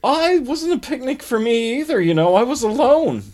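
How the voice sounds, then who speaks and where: A woman's voice: sits high, sing-song, moderate pace, darkish tone, voice pushed up. A woman voicing an adventurer who abandoned her party and now defends herself wearily. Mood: defensive. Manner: defensive, weary.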